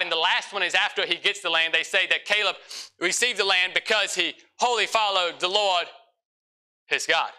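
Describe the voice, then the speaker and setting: A young man preaching to a church congregation with a high, sharply bright voice. He is animated, playing out little exchanges with his listeners in quick changes of voice. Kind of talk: sermon.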